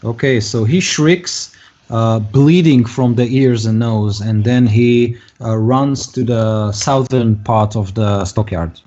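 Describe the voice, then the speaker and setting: A man's voice: mid-range voice, slow pace. A man running a tabletop game as game master, talking with many fillers and restarts. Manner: hesitant, many fillers, puts on shouting voices for figures. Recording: dull lo-fi voice chat audio.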